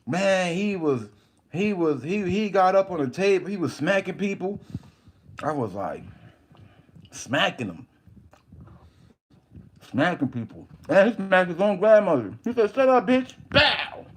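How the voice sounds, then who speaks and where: A man's voice: sits high, very animated, unhurried, long pauses, a little hiss or hum. A man in his thirties hosting a casual livestream, telling stories and reading viewer comments, rambling with frequent restarts and fillers. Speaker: livestream host.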